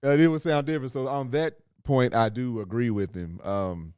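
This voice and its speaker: Brief: laid-back male podcast co-host, mid pitch, dry close sound. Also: steady tone, normal speed, darkish tone, smooth, dry recording. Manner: laid-back, laughs while acting out quotes. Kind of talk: casual chat.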